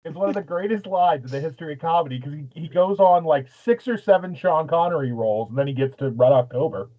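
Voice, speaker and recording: A man with a slightly high voice chats on a livestream, telling stories and retelling comedy bits with relish. His audio is a little dull. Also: lively intonation, fast. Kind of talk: joking livestream chat.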